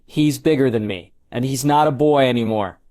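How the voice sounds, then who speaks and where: A man's voice: medium pitch, normal speed, mellow, natural voice. A male audiobook narrator voicing an earnest, protective adult man. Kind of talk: audiobook character reading.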